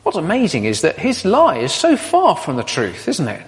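A man preaching a sermon in an animated way, with rhetorical questions and playful asides. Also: high voice, moderate pace. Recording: long hall reverb.

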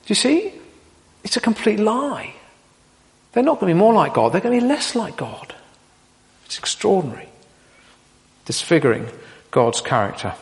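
A man preaches in an animated style, full of rhetorical questions and playful asides. His fairly high voice is gravelly and swings widely in pitch. A long hall reverb trails after every phrase. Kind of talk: sermon.

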